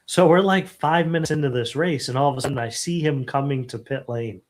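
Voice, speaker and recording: A middle-aged man hosting a casual live stream, telling animated stories and acting out quotes. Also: medium pitch, a little fast, hardly any pauses, soft background music. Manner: animated storyteller, acts out quotes. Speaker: host.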